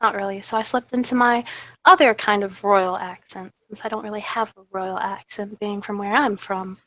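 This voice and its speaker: A woman's voice: mid-range voice, fairly even intonation, normal speed, sharp tone. A woman playing a tabletop role-playing game, describing her character in a chatty, rambling way with many fillers. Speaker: player. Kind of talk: casual tabletop role-play narration.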